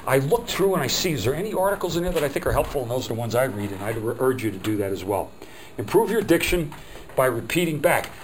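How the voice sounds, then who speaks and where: A man's voice: mid-range voice, lively intonation, fast talker, a little hiss or hum. A middle-aged man from New Jersey with a New Jersey accent gives an informal business training talk. He rambles and acts out customer exchanges. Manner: chatty, digressive, acts out quoted customers. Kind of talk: informal seminar lecture.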